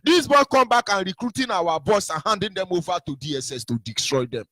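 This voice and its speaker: A man's voice: sits high, lively intonation, brisk, sharp tone, no room sound, faint music behind. A Nigerian man giving an impassioned political monologue, preachy, repeating rhetorical questions and sometimes singing his lines. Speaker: activist broadcaster.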